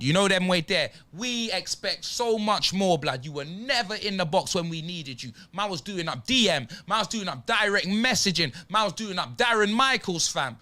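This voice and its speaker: A young-sounding man rants through his team's player ratings. His voice sits high and swings widely, bright and sharp. He is slangy and exasperated throughout. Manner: slangy, exasperated, drops tag words like "fam" and "blood". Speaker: football fan giving player ratings. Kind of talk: animated fan rant.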